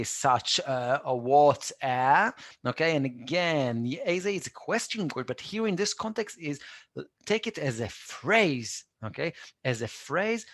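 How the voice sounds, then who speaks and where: Male tutor, patient drilling style, gravelly tone, dead-dry room. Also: mid-range voice, fairly bright tone. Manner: patient, repeats phrases for students to echo. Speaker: Hebrew teacher. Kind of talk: live online language lesson.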